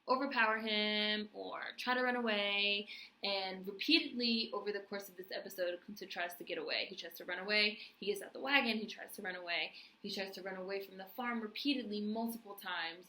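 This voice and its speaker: A woman's voice: medium pitch, sharp tone, reverberant, poor audio. A woman giving a casual spoken TV review, emphatic and full of "right?" asides. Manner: emphatic, frequent "right?" and "like" fillers. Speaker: TV recap vlogger.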